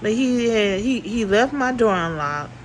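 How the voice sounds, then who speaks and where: A woman's voice: a little high, expressive, measured pace, slight background noise, poor audio. A woman vlogger telling a story in casual speech, blunt and full of swearing, repeating herself for emphasis.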